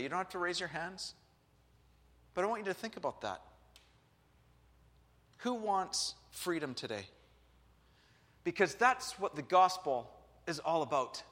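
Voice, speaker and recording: Male pastor, high bright voice, chatty sermon with asides, big reverberant hall. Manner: lively, conversational, joking asides. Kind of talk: sermon and live interview. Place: church sanctuary.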